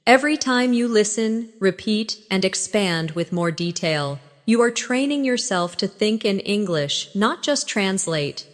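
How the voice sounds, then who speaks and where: A woman narrating a scripted English lesson, speaking slowly and clearly and modelling phrases for listeners to repeat. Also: mid-range voice, lively intonation, big-room sound. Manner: slow, clear, instructive delivery with model phrases. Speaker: English teacher.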